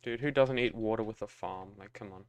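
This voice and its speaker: A man's voice: fairly low pitch, fairly quick, smooth, no echo, faint music behind. Young man streaming, mumbling as he builds. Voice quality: relaxed, mumbly, trailing off, casual swearing. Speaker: game streamer. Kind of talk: casual thinking-aloud while building.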